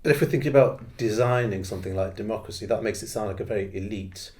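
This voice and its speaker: A man with a low voice hosts a podcast and moves quickly through his questions. He probes his guest directly and briskly, one point after another. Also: darkish tone. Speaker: podcast host. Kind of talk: podcast interview.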